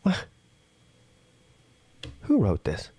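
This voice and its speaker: A man's voice: extremely slow, mellow, no echo. A male show host reading news stories aloud and breaking in with blunt, profane reactions. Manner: reads headlines then reacts with blunt, profane asides; jumps high in pitch when incredulous. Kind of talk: casual news reading with commentary.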